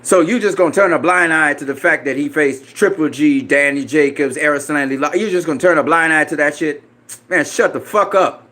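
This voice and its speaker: This boxing commentator's voice is on the high side, bright and forceful, and he talks a little fast with hardly any pauses. Ranting in a reaction video, he swears, picks fights, dismisses others, repeats himself and lets out mocking laughs.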